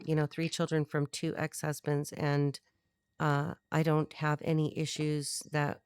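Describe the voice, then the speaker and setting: A woman's voice: deep voice, a little mellow. A middle-aged woman giving a channeled tarot reading, blunt and rambling, thinking aloud with many restarts. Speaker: tarot reader.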